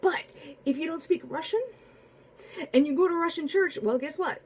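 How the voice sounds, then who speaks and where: A woman telling a casual spoken anecdote in a chatty, animated way, full of asides and restarts. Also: extremely high pitch, moderate pace. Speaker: storyteller.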